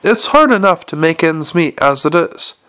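A man reading aloud voices an indignant, blustering male dwarf restaurateur who defends his cooking loudly. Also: fairly high pitch, animated, moderate pace, clear, resonant tone.

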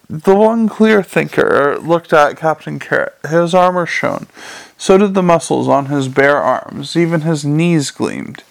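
A man narrating an audiobook in a dry, measured storytelling manner. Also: fairly high pitch, vocal fry.

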